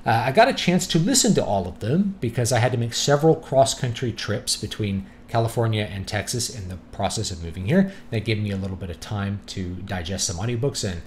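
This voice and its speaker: A man's voice: lowish voice, brisk, hardly any pauses, a little hiss or hum. Easygoing man reviewing books. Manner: relaxed and conversational, thinking aloud. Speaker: book reviewer. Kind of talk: casual spoken review.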